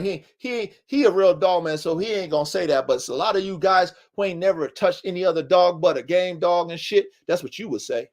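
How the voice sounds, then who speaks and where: A man hosts a livestream podcast in a high voice, talking fairly fast with hardly any pauses. He lectures his listeners emphatically and preachily, repeating himself and dropping casual slang.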